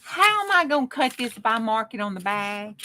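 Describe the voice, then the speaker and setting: A woman's voice: a little high, background noise. Lady rambling on to her chat while crafting, homey and folksy. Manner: rambling, folksy, talks to the chat as she works. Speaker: crafting livestream host.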